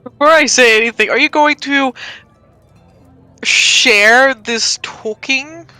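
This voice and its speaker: A woman's voice: high voice, takes it slowly, sharp tone, no echo, faint music behind, low-quality recording. A woman acting as dungeon master, narrating a tabletop game in a playful, chatty way. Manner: playful and chatty, often laughing.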